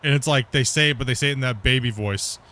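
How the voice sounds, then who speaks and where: A man in the middle of a relaxed gaming session, talking off the cuff at an everyday middle pitch. He rambles, circles back on his own words and breaks into laughs as he goes. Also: quick pace. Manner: rambling, repeats himself, laughs easily. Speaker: gaming streamer. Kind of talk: casual chat while playing.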